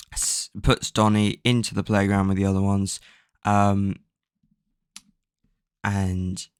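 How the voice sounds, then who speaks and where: A man's voice: on the low side, smooth, dry recording, clean studio sound. A man casually recapping a book's plot, rambling with lots of fillers and offhand swearing. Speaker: book recap vlogger.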